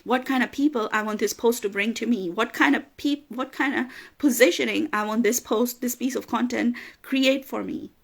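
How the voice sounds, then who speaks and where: A woman business coach gives an emphatic motivational speech at a moderate pace, her fairly high voice creaky and almost without pauses. She repeats phrases for emphasis and sometimes gets emotional, laughing through tears.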